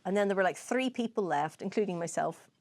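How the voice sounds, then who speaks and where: Lively, sweary woman telling a story. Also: medium pitch, a little fast. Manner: animated storyteller, swears freely, acts out her own past lines. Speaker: podcast co-host. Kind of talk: casual chat over whiskey tasting.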